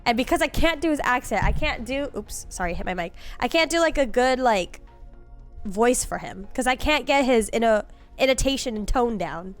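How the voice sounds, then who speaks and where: A woman's voice: fairly high pitch, animated, normal speed, soft background music. A woman streamer giving chatty, self-deprecating commentary on a game as she plays, laughing often. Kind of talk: casual gameplay commentary.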